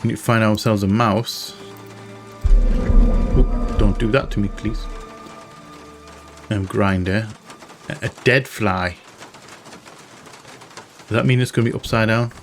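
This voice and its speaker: A man's voice: lowish voice, fairly even intonation, a little slow, pauses often, over music. Chatty man playing a game. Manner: chatty, self-mocking, thinks aloud. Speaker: game streamer. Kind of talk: casual let's-play commentary.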